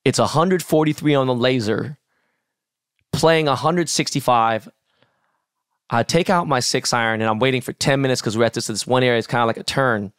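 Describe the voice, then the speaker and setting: A middle-aged man co-hosting a podcast, telling animated, profane stories in casual chat. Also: mid-range voice, normal speed, smooth, no room sound, studio quality. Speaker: podcast co-host.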